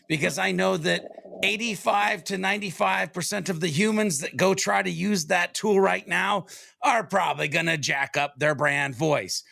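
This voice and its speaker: Guy podcast host, hyped and rambly, bright raspy voice, dry close mic. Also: on the high side, no room sound. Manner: energetic, rambling, rhetorical questions. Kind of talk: enthusiastic podcast talk.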